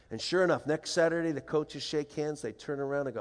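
An older man giving a humorous storytelling talk to an audience, playful and animated, acting out the voices of the people in his stories. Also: on the high side, normal speed, few pauses. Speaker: speaker. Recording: long hall reverb.

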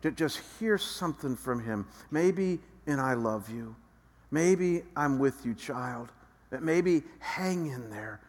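A male pastor delivers a sermon in a slightly high voice, and the sound rings with long reverb through a large church hall. He drops low and slow for quiet reflection, then climbs loud and animated as he acts out the voices of others.

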